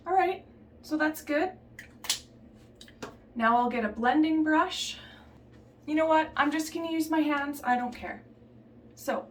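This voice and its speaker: A woman chatting casually through a makeup tutorial in a relaxed, offhand way, slipping into a put-on Southern belle accent. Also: high voice, a little slow, long pauses, roomy sound, recorded from a distance, a little hiss or hum. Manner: relaxed, chatty, trailing off and restarting while applying makeup. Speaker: beauty vlogger.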